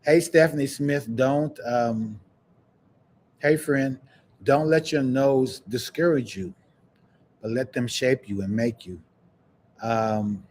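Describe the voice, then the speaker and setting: A man hosting a podcast, chatting casually and preaching encouragement in a warm, churchy way. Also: medium pitch, a little slow. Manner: warm, churchy, breaks into laughs and sing-song. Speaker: podcast host. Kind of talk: casual livestream chat, preachy sign-off.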